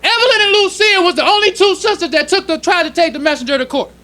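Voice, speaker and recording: A male minister teaching a sermon to a congregation in plain, casual speech, slowing down when he reads passages aloud. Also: very high voice, pushed and bright. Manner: preaching in casual street-level speech, slowing to read quoted passages. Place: temple congregation hall.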